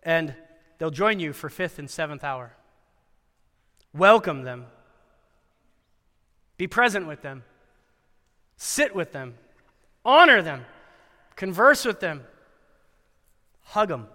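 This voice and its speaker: At a Christian school chapel, a man with a bright, fairly high voice gives a sermon that blends scripture reading with wry, lively commentary. He performs the quoted lines with flair, pausing slowly and at length, and his words echo through the long reverb of a large hall.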